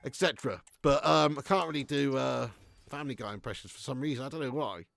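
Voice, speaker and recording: A man's voice: medium pitch, fast, vocal fry, fairly bright tone, no room sound. A young man streaming a football game, chatting casually, swearing and reading out the chat. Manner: laid-back, swearing, reads chat aloud. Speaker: gaming streamer.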